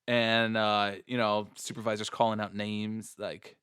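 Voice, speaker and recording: A man's voice: lowish voice, level tone, unhurried, few pauses, bright, forceful tone, clean tone, dry recording. Male podcast host, casual profane storyteller, dry close sound. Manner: profane and laughing.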